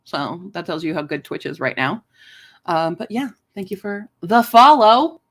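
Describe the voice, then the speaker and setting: A woman's voice: on the low side, very animated, a little slow. A woman live streaming from her apartment, chatting casually and playfully and slipping into joke accents. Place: home apartment, indoors.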